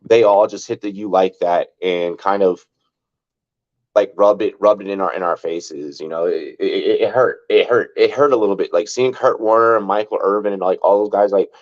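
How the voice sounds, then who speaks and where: Speaking in a lowish voice at a moderate pace, a man hosts a fantasy football podcast with casual sports talk. He rambles, repeats himself, says "like" constantly, and swears now and then. The audio is dull and lo-fi.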